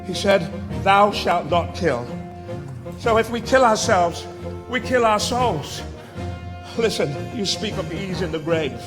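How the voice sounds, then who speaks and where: A man's voice: high-pitched, lively intonation, takes it slowly, over music. A man playing a loyal, hopeful pilgrim companion who repeats his words as he encourages. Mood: encouraging.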